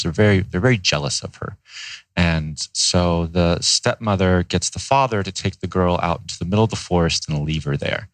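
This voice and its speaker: Brief: deep, dry-miked man, relaxed storyteller guest on a podcast. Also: vocal fry, no echo, rough recording. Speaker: ice bath company co-founder.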